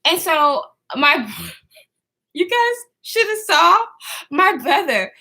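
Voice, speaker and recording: A woman's voice: very high voice, very animated, drawn-out words, vocal fry, bright, forceful tone. A woman in her twenties telling a story to her viewers in a casual, slangy way, swearing freely and often trailing off to restart.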